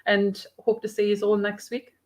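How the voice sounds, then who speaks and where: A woman with a Geordie accent co-hosting a casual live-stream chat, soft-spoken and quiet. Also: mid-range voice, completely flat delivery, moderate pace. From England. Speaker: co-host.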